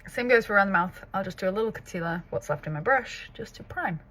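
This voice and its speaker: A woman in her thirties from the north of England with a muddled British-American accent and Scouse traces, chatting casually through a makeup tutorial and often dropping to a soft near-whisper. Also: medium pitch, animated, quick pace, slight background noise. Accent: mixed British and American, with Scouse traces. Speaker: makeup artist and content creator. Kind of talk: get-ready-with-me makeup tutorial.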